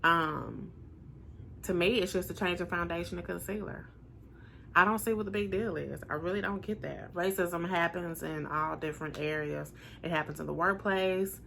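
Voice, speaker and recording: A woman in her forties speaks in a low, deep register with a gravelly edge. She talks casually straight to camera, earnest and emphatic. She circles back to repeat her points for weight. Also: moderate pace, a bit bright, a little hiss or hum. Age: 40s. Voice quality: naturally deep voice. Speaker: vlogger sharing personal experiences.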